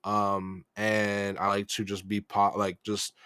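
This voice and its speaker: A young American man, a rap artist, answering interview questions in a monotone, halting way, with many fillers and restarts. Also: fairly low pitch, smooth, dry recording. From United States.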